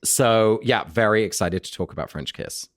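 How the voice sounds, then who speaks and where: A guest on a podcast, chatting casually in a warm, giggly, enthusiastic way. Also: mid-range voice, normal speed. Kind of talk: casual chat.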